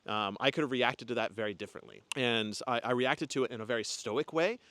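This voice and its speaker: A man's voice: medium pitch, brisk, fairly bright tone, a little hiss or hum. A young man talking casually and earnestly to camera, rambling with fillers and restarts as he reflects on his year. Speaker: spiritual content creator. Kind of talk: casual reflective vlog talk.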